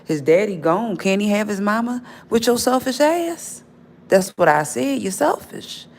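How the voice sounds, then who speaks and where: A woman's voice: mid-range voice, expressive, unhurried, creaky, darkish tone, a little hiss or hum. A woman on a phone livestream, ranting straight at an absent person in a confrontational, scolding, repetitive way. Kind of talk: livestream rant.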